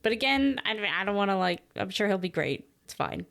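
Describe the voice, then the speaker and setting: A woman's voice: mid-range voice, expressive, fairly quick, creaky, a bit bright. A woman in a casual podcast chat, co-hosting and explaining things at length in a chatty, opinionated way. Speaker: podcast co-host.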